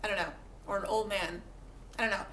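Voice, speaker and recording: A woman's voice: mid-range voice, fairly even intonation, fairly bright tone. Chatty woman vlogger, echoey room. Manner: chatty, self-mocking, acts out little voices for animals; halting, repeats words. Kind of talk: casual talk to camera. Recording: echoey room, faint background noise.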